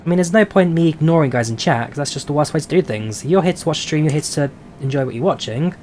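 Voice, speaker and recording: A man's voice: fairly high pitch, lively intonation, fast talker, darkish tone, slight background noise. A man with a London accent chatting casually on a live stream, reading out viewer questions and answering them with plenty of filler "uh"s. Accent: London English. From London, England. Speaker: flight sim streamer. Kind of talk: casual live-stream chat while flying a simulator.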